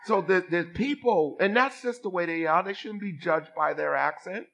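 A man in his fifties from Boston, preaching a sermon as a bishop with lively delivery and call-and-response to his congregation. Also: high voice, normal speed, gravelly. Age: 50s. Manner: animated preacher, acts out voices, calls for response from the congregation.

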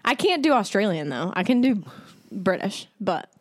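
A woman's voice: medium pitch, sing-song, fairly quick, no room sound, clean studio sound. A young woman co-hosting a casual podcast chat, giggling and laughing often as she talks. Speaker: podcast co-host.

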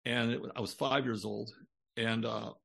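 A man's voice: mid-range voice, fairly even intonation, normal speed, gravelly, fairly bright tone, breathy edge. An older man, a guest on a podcast interview, telling a long personal story in a rambling way with many restarts.

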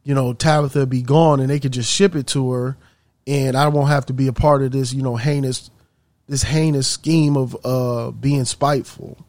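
A man's voice: medium pitch, steady tone, normal speed, a little mellow, lightly acted. A nervous, reluctant office employee who stammers and trips over his words, as a storyteller puts him on. The sound is dry and close-miked, with no room echo. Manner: hesitant and stammering.

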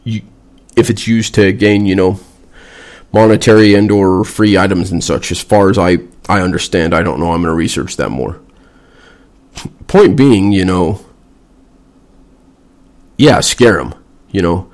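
A man's voice: deep voice, darkish tone. A man, a veteran vlogger, delivering a blunt, sarcastic and heavily profane casual rant.

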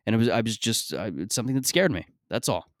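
A man hosting a podcast, telling stories in a rambling, profane, animated way, often stammering and restarting his sentences. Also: fairly low pitch, fast talker, no room sound, clean studio sound. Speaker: podcast host. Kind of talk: casual comedic monologue.

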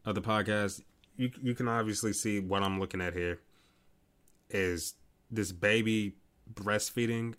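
A man hosting a late-night solo podcast, ranting in an exasperated, profane way with many restarts, tired and yawning. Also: lowish voice. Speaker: podcast host. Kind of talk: casual solo commentary.

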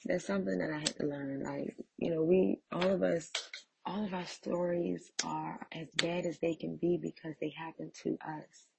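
A woman speaks slowly and candidly, giving a faith-based personal testimony with self-deprecating honesty. Her voice is gravelly and very husky, and the recording is close and dry. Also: low-pitched, dark tone, dry recording, highs cut off.

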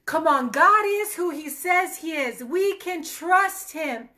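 A woman's voice: extremely high pitch, animated, takes it slowly, pushed and bright. A woman ministering in a fervent online sermon, greeting viewers by name and repeating amen and hallelujah.

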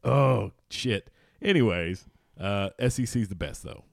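A man's voice: on the low side, expressive, unhurried, gravelly, no room sound, clean studio sound. Man rambling on a sports podcast. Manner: loose, rambling, swears freely. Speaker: podcast co-host. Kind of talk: casual sports podcast chat.

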